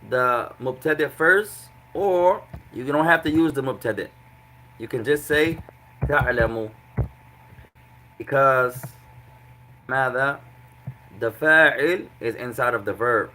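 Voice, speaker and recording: A man's voice: medium pitch, bright, forceful tone, poor audio. A man teaching Arabic in a class, patiently repeating each translation several ways and breaking the grammar into small steps. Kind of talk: classroom lesson.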